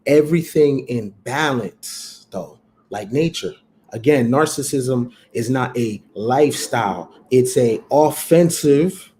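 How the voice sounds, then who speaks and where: A man's voice: mid-range voice, darkish tone. A man hosting a livestream talk, speaking in an emphatic, preachy way and repeating phrases for effect. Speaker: host.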